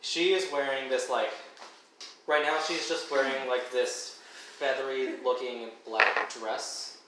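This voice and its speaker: Halting man running a tabletop game. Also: mid-range voice, fairly even intonation, very noisy. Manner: halting, full of fillers and restarts. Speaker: dungeon master. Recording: echoey room mic from a distance.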